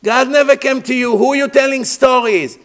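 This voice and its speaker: A man's voice: very high voice, moderate pace, faint music behind, pitched above the performer's own voice. A man voicing a crowd of overworked slaves who jeer and scoff at a would-be leader. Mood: scornful. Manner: jeering, scornful shouting. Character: mocking crowd of weary slaves, men.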